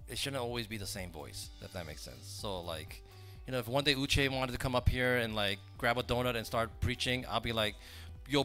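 A man's voice: fairly low pitch, sharp tone. A man giving casual, joking announcements to a church congregation, chatty and full of asides. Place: church sanctuary.

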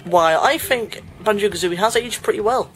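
A man's voice: sits high, fairly quick, fairly bright tone. Rambling young British man over game music. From Britain. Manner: rambling, self-correcting, laughs at himself. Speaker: let's play commentator. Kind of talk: casual gameplay commentary.

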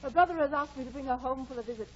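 A woman's voice: sits high, rapid-fire, breathy edge. An actress playing an anxious servant woman in a 1940s radio drama, urgent and breathless. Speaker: Ellen. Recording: dull 1940s radio broadcast.

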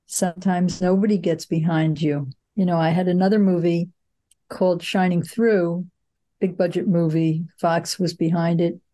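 Mellow-voiced older woman telling film stories. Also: lowish voice. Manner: reflective, storytelling with frequent fillers. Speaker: film producer, guest. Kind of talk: conversational interview.

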